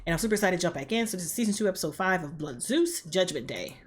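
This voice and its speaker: A woman hosting a reaction video, recapping an episode in an animated, slangy, profane way. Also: on the low side, very fast.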